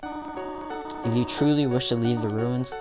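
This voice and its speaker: Young man reading as a gentle motherly monster. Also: medium pitch, huge pitch swings, slow pace, poor audio. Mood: tender, sad. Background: game music.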